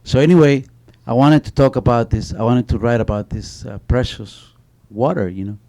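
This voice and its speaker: A middle-aged man on an author panel speaks at a moderate pace, his medium-pitched voice warm and steady. He tells stories animatedly, often restarting and repeating "you know."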